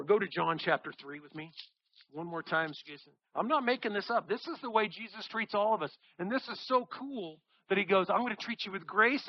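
A man preaching a sermon, reading scripture and acting out the people in the story with animated delivery. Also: high voice, dry recording, lo-fi sound. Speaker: pastor.

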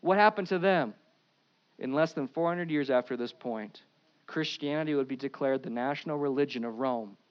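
A pastor preaching an Easter sermon, with animated swings between loud emphasis and quiet asides. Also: male voice, medium pitch, moderate pace, highs cut off.

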